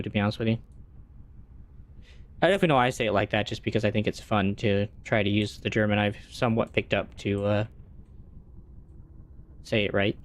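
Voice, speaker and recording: A young man streaming a game, chatting casually with his viewers and thinking aloud in a rambling way. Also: lowish voice. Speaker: gaming streamer. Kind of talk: casual live-stream chat while playing.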